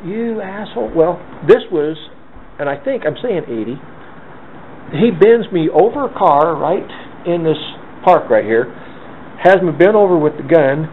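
Sex: man. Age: 50s. Role: interviewee. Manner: lively storyteller who acts out quotes. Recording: narrow phone-like sound with faint hiss. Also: a little high, unhurried. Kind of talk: oral history storytelling.

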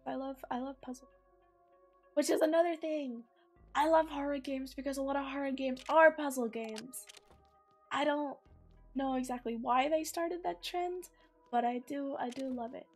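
A young woman streamer with a hoarse, sick voice, chatting casually and swearing as she plays. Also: high voice, normal speed, soft background music. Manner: chatty, swears freely, thinks aloud. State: hoarse from sickness and morning voice. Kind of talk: casual gameplay commentary.

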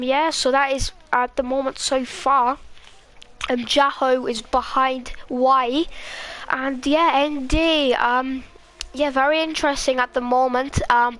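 A woman with a Scottish accent giving live race commentary in a halting, rambling way, full of fillers. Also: high-pitched, a bit bright, clean tone. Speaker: sim racing commentator.

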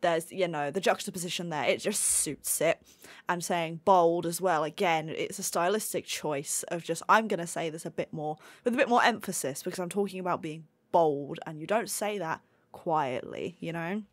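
A woman's voice: on the low side, normal speed, no room sound. A woman, a singer, reacting to a song in casual, enthusiastic commentary, picking apart the vocal technique. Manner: enthusiastic, gushing and analytical about vocal technique.

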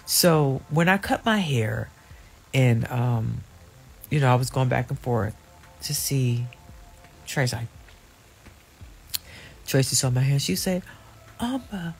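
Gravelly-voiced woman chatting to viewers. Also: very deep voice. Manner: chatty and playful, addresses viewers directly, laughs often. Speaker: channel host. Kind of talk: casual chat to viewers.

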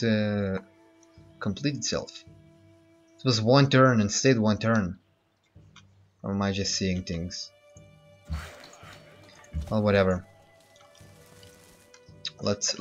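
Low-voiced man thinking aloud over gameplay. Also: a bit bright. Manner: thinking aloud, hesitant with many fillers. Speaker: let's play host. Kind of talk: casual gameplay commentary. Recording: muffled lo-fi with game music.

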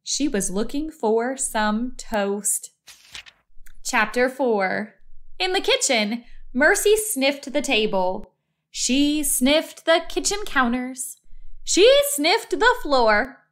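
A woman reading a children's storybook aloud in a slow, expressive, deliberate way. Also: high-pitched. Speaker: story reader.

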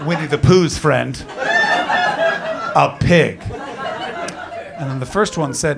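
A man performing a stand-up comedy set, telling a story in an animated way, full of swearing and asides to the crowd. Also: a little high, slow, creaky, pauses often. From Canada. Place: comedy venue stage with live audience. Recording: noisy live room with audience laughter.

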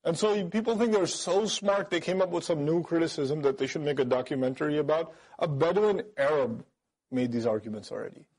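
A man preaching Quran commentary at a rapid clip, his voice sitting high. He throws out rhetorical questions and mimics the critics he answers, shifting between teaching and lively storytelling. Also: breathy edge, rough recording. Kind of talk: sermon-style Quran commentary.

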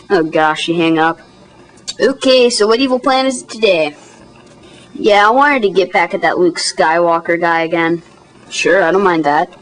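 A woman's voice: expressive, moderate pace. Young woman voicing many toy-movie characters. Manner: switches pitch wildly between characters, often squealing high. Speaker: amateur animator voicing all the characters. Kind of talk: homemade toy-figure animation voice acting.

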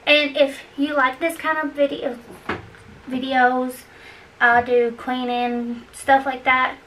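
A woman's voice: high-pitched, level tone, takes it slowly, fairly bright tone, distant mic, a little hiss or hum, low-quality recording. A woman chatting to her viewers while cleaning, out of breath, rambling and encouraging. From Kentucky. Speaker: cleaning vlogger. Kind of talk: casual chat to camera.

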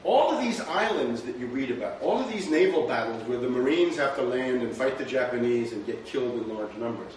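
Fairly quick with few pauses, a man of medium pitch lectures on history animatedly, often checking in with a rhetorical "right?". It's recorded in a lecture room on a distant mic, very echoey and faintly noisy.

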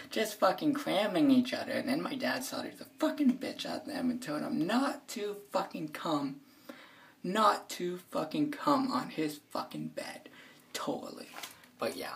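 A teenage girl ranting in a casual vlog, brash and profane, jittery and excitable, sometimes dropping to a hushed whisper. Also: deep voice. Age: teens. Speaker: vlogger.

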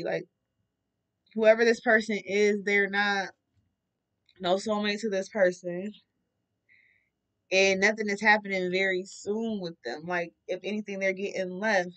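A woman giving a casual tarot reading, blunt and profane, talking animatedly to her viewers. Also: mid-range voice. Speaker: tarot reader.

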